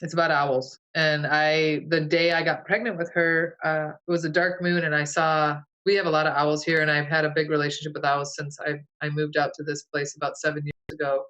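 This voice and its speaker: A woman's voice: sits low, flat delivery, fairly quick, few pauses, fairly bright tone, rough recording. Rambling woman recounting a vivid dream. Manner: rambling, vivid dream retelling full of "like" and "you know". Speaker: guest, folk herbalist. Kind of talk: casual storytelling interview.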